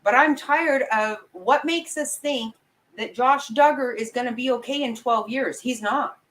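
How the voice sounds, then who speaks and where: A woman's voice: a little high, unhurried, a bit bright, rough recording. A woman giving angry, blunt, profane commentary as a vlogger, talking straight to her viewers. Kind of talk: opinionated live commentary.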